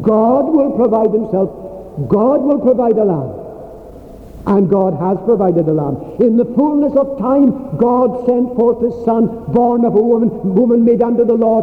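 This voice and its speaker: Male preacher, high voice, slow emphatic sermon, tinny recording with long hall reverb.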